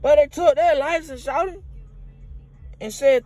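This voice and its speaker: A man's voice: very high voice, a little slow, pauses often, dark tone, soft background music. A man rambling through a comedic monologue from inside a truck, tacking "boy" and "shawty" onto his lines. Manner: rambling, drawling, peppers talk with "boy" and "shawty". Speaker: comedic character vlogger.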